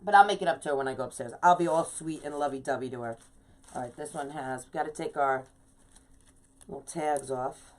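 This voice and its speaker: A woman's voice: low-pitched, a little fast. A middle-aged woman hosting a live craft video, chatting casually while she works and greeting viewers by name. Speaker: craft livestream host.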